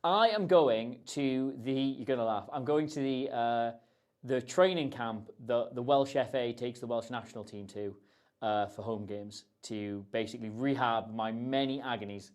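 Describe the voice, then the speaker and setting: A man's voice: medium pitch, moderate pace, darkish tone. Chatty rambling male livestream host. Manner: chatty, rambling, self-deprecating. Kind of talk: casual livestream chat answering questions.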